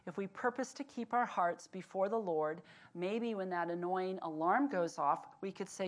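A woman giving a devotional talk, telling a lively personal story and then slowing into earnest encouragement. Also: lowish voice. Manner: animated storyteller turning earnest and slow when exhorting. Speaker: devotional speaker.

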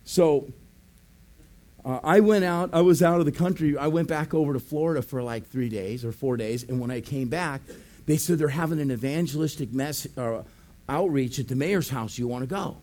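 Pastor guy telling a story in a sermon, acts out the voices, laughs a lot, kinda high voice. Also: moderate pace. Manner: animated, acts out voices, laughs often, says "man" and "amen".

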